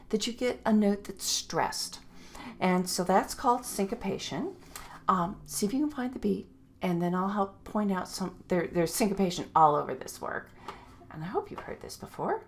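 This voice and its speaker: A woman music teacher narrates a recorded video lecture in a medium-pitched voice at normal speed, with a little hiss or hum. She's chatty and scats rhythms aloud with "ba" and "da" sounds to mark the beats.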